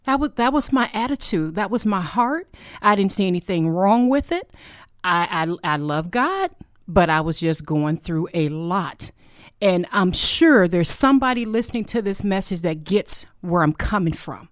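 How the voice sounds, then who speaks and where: A woman's voice: medium pitch, lively intonation, moderate pace, no room sound. Woman, middle-aged, podcast host, faith testimony, earnest, emotional, dry close sound. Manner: emotional, earnest, heartfelt storytelling.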